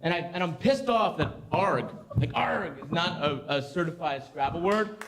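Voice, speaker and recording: A young man in his twenties doing a rambling stand-up set on a club stage, halting with fillers and restarts, the crowd laughing behind him. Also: fairly high pitch. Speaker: stand-up comedian. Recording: roomy club with crowd noise.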